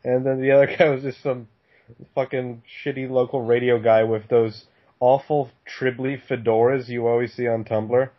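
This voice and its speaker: A casual male podcast guest tells stories, swearing and laughing as he chats. His medium-pitched voice stays fairly flat at a moderate pace, and the lo-fi recording sounds dull.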